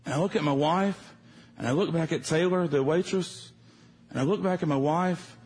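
Husky-voiced preacher telling a story. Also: male voice, on the high side, normal speed. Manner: conversational, animated storytelling. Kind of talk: sermon with personal storytelling.

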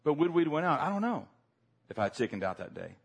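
A man with a Southern accent preaching a sermon, telling a funny personal story with lively acted-out moments. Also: on the high side, a little fast, creaky, husky. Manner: animated, humorous storyteller, acts out his younger self.

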